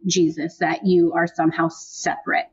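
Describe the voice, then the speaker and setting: A woman hosting a podcast, asking thoughtful questions in an animated, affirming way. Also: fairly low pitch, normal speed, highs cut off, slight background noise. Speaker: podcast host. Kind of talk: interview questions.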